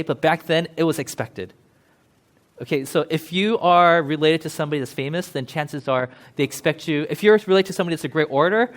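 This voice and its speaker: A man preaching in a church with an easy, conversational style. His voice sits a little high, and he talks loosely and jokes with the congregation as he explains the text. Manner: chatty, joking, with quick laughs. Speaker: pastor. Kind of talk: casual sermon.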